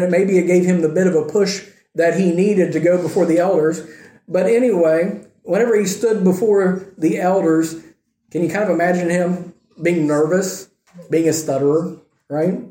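A man's voice: sits high, mellow, roomy sound. A male preacher telling a story in a conversational sermon, asking his listeners rhetorical questions.

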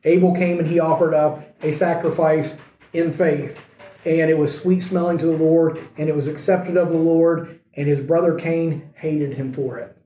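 A man's voice: a little high, steady tone, moderate pace, warm tone, roomy sound, low-quality recording. A man preaching a conversational sermon as pastor, using rhetorical questions. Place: church sanctuary.

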